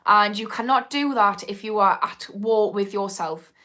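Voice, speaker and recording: A woman's voice: mid-range voice, a little slow, pushed and bright. Woman, live-stream therapist, candid, sweary, chatty, mid-range voice. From Newcastle, north of England. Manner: frank and casual, swears freely, trails off with ums. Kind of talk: live-stream Q&A, reading viewer comments.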